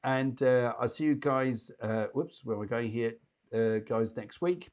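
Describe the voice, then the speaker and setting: A man's voice: mid-range voice, a little slow, darkish tone. A man hosting a live psychic show, giving readings in a chatty, rambling way with playful asides.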